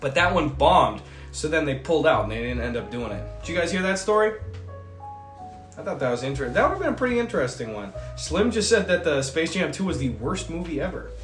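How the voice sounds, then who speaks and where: A man's voice: a little high, very animated, brisk, a bit bright, soft background music. Rambling chatty man, echoey room. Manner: rambling, swearing, jokey asides. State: a bit sick. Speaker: streamer reading chat. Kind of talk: casual livestream chat.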